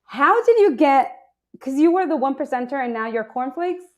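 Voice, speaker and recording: Lively high-voiced woman host, off-mic. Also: normal speed. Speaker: interviewer, host. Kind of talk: casual interview.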